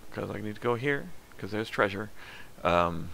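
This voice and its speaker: A man's voice: fairly low pitch, lively intonation, normal speed, creaky, pushed and bright, a little hiss or hum. A man streaming a video game, chatting casually and frankly with plenty of rambling and fillers. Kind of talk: casual gameplay commentary.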